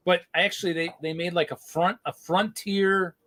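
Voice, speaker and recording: Man, host, casual stream talk, rambling, fairly high voice. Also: fairly even intonation, normal speed, a bit bright. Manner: rambling, restarts sentences often. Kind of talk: casual live-stream chat.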